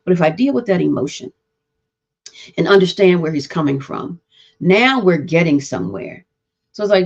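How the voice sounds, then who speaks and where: A woman's voice: on the low side, very animated, normal speed, gravelly, long pauses, darkish tone, slightly rough. A woman hosting a live talk on mental health, explaining to parents and often checking in with "right?". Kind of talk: live-streamed teaching talk. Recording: dull lo-fi stream audio.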